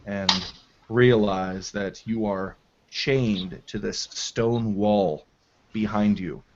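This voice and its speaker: A man narrating as game master of a tabletop game, in a halting style full of fillers, on a dull lo-fi recording. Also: on the low side, fairly even intonation, background noise. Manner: slow, halting descriptive narration with many fillers.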